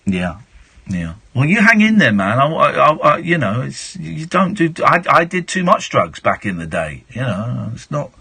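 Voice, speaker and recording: A man's voice: medium pitch, sing-song, moderate pace, vocal fry, bright, forceful tone, breathy edge. A man in his forties with an English accent, hosting a late-night radio phone-in, chatty and frank, often restarting his sentences. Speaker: radio host. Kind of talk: late-night call-in chat. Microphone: studio mic.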